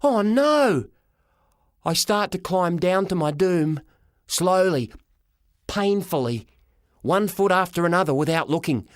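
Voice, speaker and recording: A man narrating a children's story as a boy, with a lively, dramatic reading. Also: high voice, a little slow, no room sound, clean studio sound. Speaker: audiobook reader. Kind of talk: storybook narration in a boy's first person.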